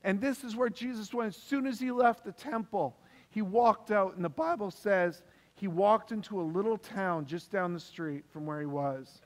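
A man's voice: high-pitched, moderate pace. A man preaching a sermon as pastor, emphatic and repeating key phrases for stress. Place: church hall. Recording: long reverb of a church hall.

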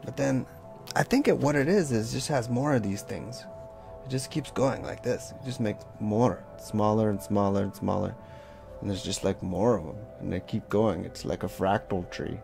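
A man's voice: lowish voice, moderate pace, vocal fry, a little mellow, soft background music. A man leading a casual draw-along lesson, talking loosely with lots of "like" and little sound effects as he draws. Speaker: art teacher.

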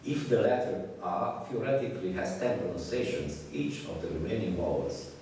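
Halting male lecturer in an echoey room. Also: low-pitched, lively intonation, darkish tone. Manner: halting, many fillers and restarts. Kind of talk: academic lecture. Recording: distant echoey hall recording with hiss.

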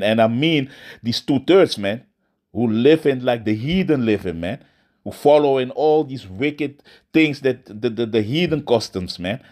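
A man's voice: medium pitch, animated, a little mellow. Man preaching casually, "man" after every line. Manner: ends nearly every phrase with "man", restarts often, reads verses slowly. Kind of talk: informal sermon with scripture reading.

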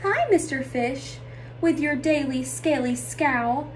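A woman's voice: high voice, lively intonation, takes it slowly, distant mic, slight background noise. A woman voicing a mildly scolding male jellyfish in a storybook read-aloud. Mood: reproachful. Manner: mild complaining.

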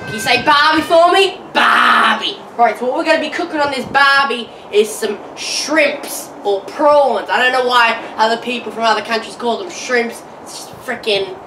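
A woman with an Australian accent doing a jokey, slang-heavy comedy how-to vlog with excitable exclamations, outdoors in a backyard. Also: fairly high pitch, normal speed, few pauses, a little hiss or hum. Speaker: comedy vlogger. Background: sizzling food on a grill.

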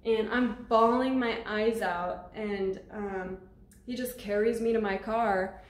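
A woman telling a personal story to camera in a casual storytime vlog, blunt and animated, swearing freely as she goes. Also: medium pitch, slow, echoey room. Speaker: vlogger.

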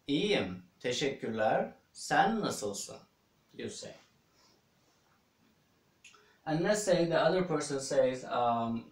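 A man's voice: mid-range voice, recorded from a distance. A man with a Turkish accent teaching phrases of his language, explaining patiently with many fillers and restarts. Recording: echoey room, set back from the mic.

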